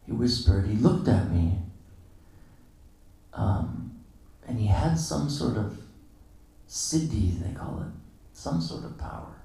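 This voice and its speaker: A man with a low, gravelly voice gives a temple morning lecture as a string of casual stories. He slips into the voices of the people he quotes and chuckles along the way. The sound is very reverberant and picked up from across the hall. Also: expressive, slow, mellow. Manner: casual storytelling, acting out quoted dialogue with chuckles. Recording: very echoey hall, distant mic.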